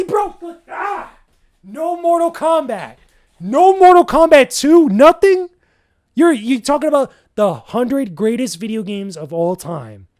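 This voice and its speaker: A man hosting his own solo podcast, ranting in casual, slangy talk, exasperated and incredulous, with outbursts that jump up loud and high. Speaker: podcast host.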